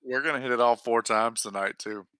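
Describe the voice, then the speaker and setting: A man's voice: mid-range voice, fairly quick, background noise. A man co-hosting a casual podcast, adding short joking interjections. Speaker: podcast co-host. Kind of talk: casual chat.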